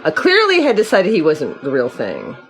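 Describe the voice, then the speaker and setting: A woman's voice: low-pitched, wildly swooping pitch, brisk, fairly bright tone, faint music behind. A woman hosting a casual podcast chat, laughing and prompting her guest with questions. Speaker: podcast host. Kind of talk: casual conversation.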